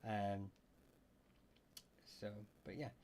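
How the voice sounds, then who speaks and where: A man's voice: lowish voice, fairly even intonation, very slow, a little mellow. A man hosting a livestream and answering viewers' questions, with lots of "uh" and "um" and frequent restarts. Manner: hesitant, many fillers and restarts; reads chat questions aloud. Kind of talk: casual livestream chat.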